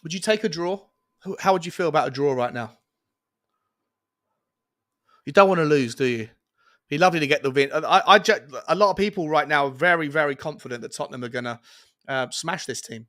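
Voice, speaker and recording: A man hosting a live fan watchalong stream, chatting excitably and reading out viewer comments. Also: on the high side, a little fast, pauses often. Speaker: fan show host. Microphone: earphones with mic, webcam.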